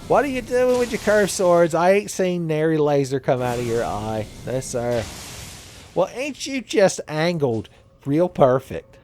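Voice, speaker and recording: A man's voice: fairly high pitch, sing-song, measured pace, darkish tone, a little hiss or hum, pitched above the performer's own voice. A man voicing a swaggering, pirate-accented male taunter with a mocking drawl. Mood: taunting.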